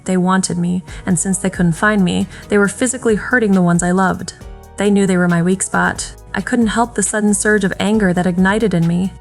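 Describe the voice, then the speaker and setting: A woman narrates a first-person drama in an emotional, dramatic reading. Her voice sits at an ordinary pitch for a woman. Faint music plays under the narration. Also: fairly even intonation, moderate pace. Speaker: audiobook narrator.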